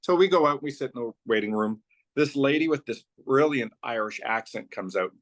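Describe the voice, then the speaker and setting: Male guest, founder type, mid-pitched voice, loose chatty storyteller, lots of "so" and "like". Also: expressive, fairly quick. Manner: loose and rambling, strings clauses with "so" and "like". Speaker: company founder telling his story as a guest. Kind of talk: casual conversational storytelling.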